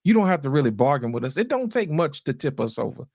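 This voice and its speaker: A man hosting a podcast panel in casual chat, animated and often asking "you know what I'm saying". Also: on the high side, quick pace, vocal fry, breathy edge, no echo, clean studio sound. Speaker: podcast host.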